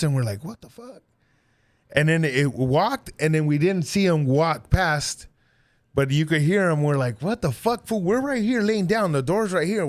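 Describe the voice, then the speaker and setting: A man co-hosting a podcast in casual chat, excitable and slangy, swearing and calling people "fool" as he tells a story. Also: on the high side. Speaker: podcast co-host.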